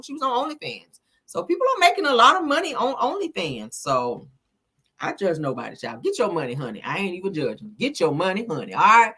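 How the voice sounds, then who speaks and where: A woman's voice: mid-range voice, a bit bright. A woman hosting a casual commentary chat, sassy and blunt, swearing freely and often chuckling. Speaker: host.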